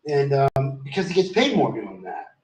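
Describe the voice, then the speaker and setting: A man's voice: mid-range voice, big pitch swings, moderate pace, a little hiss or hum. A man telling a loose, rambling story in casual chat, swearing freely and trailing off in fillers. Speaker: vlogger. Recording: roomy echo, distant from the mic.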